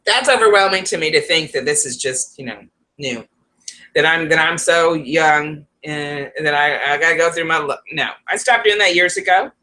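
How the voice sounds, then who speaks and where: A woman's voice: low voice, moderate pace, pushed and bright. A woman hosting a casual live stream from home, chatty and laughing often between restarts. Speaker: psychic livestream host.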